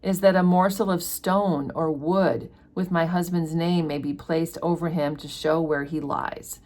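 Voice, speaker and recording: A woman's voice: low voice, steady tone, unhurried, a little mellow. A woman voicing a pleading peasant widow. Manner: earnest, pleading.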